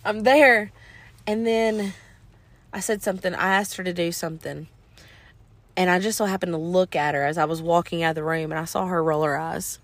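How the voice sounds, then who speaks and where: A woman, co-hosting a podcast and telling stories in a casual, animated way. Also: on the low side, fairly quick, no room sound. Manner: animated, acts out quotes in exaggerated voices. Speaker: podcast co-host. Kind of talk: casual storytelling chat.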